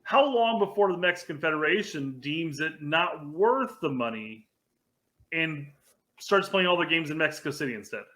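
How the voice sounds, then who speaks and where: A man's voice: fairly high pitch, expressive, normal speed, sharp tone. A man co-hosting a casual sports talk show, talking conversationally with frequent restarts. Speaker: podcast co-host.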